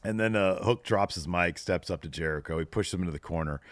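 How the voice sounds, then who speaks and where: A man's voice: sits low, quick pace, dry recording, clean studio sound. A man co-hosting a podcast, recapping a show in casual chat and animatedly acting out what people said. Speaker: podcast co-host.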